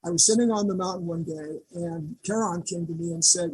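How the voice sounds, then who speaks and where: A man, an artist, earnestly recounting a personal vision in conversation, speaking haltingly and with feeling. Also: on the high side, darkish tone, husky, rough recording. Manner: earnest, halting storytelling, stirred with emotion. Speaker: artist guest.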